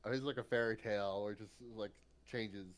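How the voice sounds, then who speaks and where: A man co-hosting a casual comic-review podcast, commenting on panels in an animated, amused way. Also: on the low side, fast talker. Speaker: podcast co-host.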